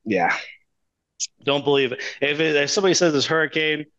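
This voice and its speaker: A young man from Utah, a podcast guest, telling stories in a relaxed, rambling way. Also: fairly high pitch, a little fast, no room sound. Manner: easygoing, rambling with fillers. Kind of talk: casual interview. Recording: dull lo-fi dry sound.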